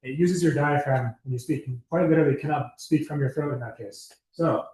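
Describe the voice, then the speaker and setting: A man's voice: fairly high pitch, a little fast, darkish tone. A young man giving a casual, chatty presentation to a student club, loose and full of fillers and asides. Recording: echoey room.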